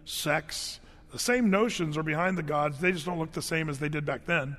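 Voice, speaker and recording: A man with a high voice preaches in a relaxed, chatty way, with filler words and jokes. His voice rings out with the long reverb of a large hall. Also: normal speed. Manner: casual, conversational, humorous storytelling; frequent fillers and restarts. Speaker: pastor. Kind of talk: sermon.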